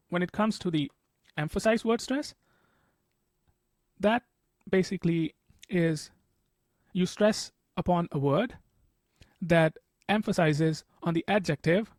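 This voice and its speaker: In a high, slightly mellow voice, a patient man gives an explanatory test prep tutorial. He says "okay" a lot and slowly repeats example sentences, with close, dry audio and no room sound.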